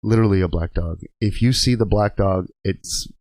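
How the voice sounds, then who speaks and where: In the podcast studio, the trucker guest keeps up his casual, cursing storytelling and laughs as he goes. His voice sits low and is a little mellow, at a moderate pace, with no echo.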